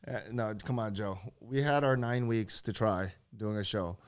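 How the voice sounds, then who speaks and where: A man's voice: on the low side, clear, resonant tone. A man co-hosting an online talk show in loose, joking chat, swearing freely and laughing often. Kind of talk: casual chat.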